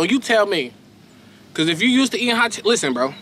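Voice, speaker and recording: A man's voice: high voice, big pitch swings, brisk, bright, forceful tone, slight background noise. A young man doing a casual snack unboxing review, slangy and emphatic, often repeating himself.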